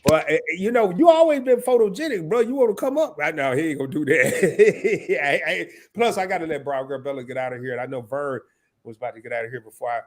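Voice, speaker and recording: A man's voice: a little high, lively intonation, quick pace. A man in his fifties hosting a live stream, casual and emotional, sniffling and stammering through restarts as he talks. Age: 50s.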